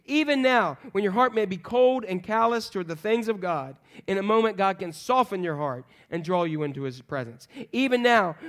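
A high-pitched man preaches to a church congregation. He swings between ringing calls and quiet, hushed lines. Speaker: pastor. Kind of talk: sermon. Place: church sanctuary, also streamed online.

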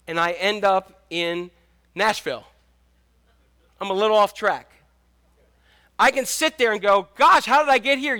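A pastor in his fifties preaches a sermon in a casual, jokey, conversational way, restarting often. His voice is high-pitched and bright, with a forceful tone.

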